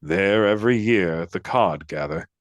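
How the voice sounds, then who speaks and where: A man putting on a slow, deep, pompous impression of a grand old film director reading ad copy. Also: dry recording.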